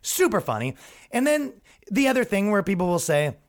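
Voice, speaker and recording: Animated young man telling funny stories. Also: high-pitched, moderate pace. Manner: rambling, laughing, frequent restarts and acted quotes. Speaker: podcast host. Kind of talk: comedic storytelling monologue.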